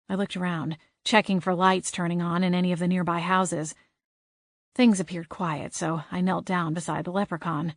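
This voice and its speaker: A woman narrating a cozy paranormal audiobook in the first person, lively with wry asides. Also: lowish voice, normal speed, no room sound, studio quality.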